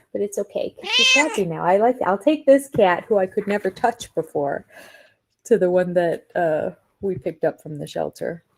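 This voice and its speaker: A woman's voice: medium pitch, darkish tone, a little hiss or hum. An older woman hosting a casual live stream, chatty and opinionated, laughing often as she talks from home. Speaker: reality TV review host. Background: cat nearby.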